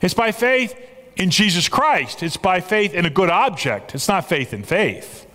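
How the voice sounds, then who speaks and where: A man's voice: high-pitched, lively intonation, unhurried, a bit bright. A man preaching a sermon as a pastor, emphatic and repeating his key phrases for weight. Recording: long reverb of a large hall.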